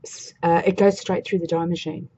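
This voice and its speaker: A woman's voice: on the low side, level tone, a little fast, warm tone, lo-fi sound, a little hiss or hum. A woman demonstrating a craft project in a chatty, casual way, thinking aloud as she works. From Australia.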